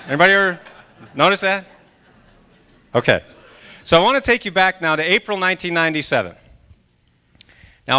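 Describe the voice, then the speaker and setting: A man in his forties from Maine speaks as a guest at a church service. His voice is high for a man and clear. He swings his pitch widely as he acts out his own inner voice and tosses questions to the audience. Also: sharp tone. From Maine, USA. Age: 40s. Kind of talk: motivational talk at a church service. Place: church sanctuary during a live service.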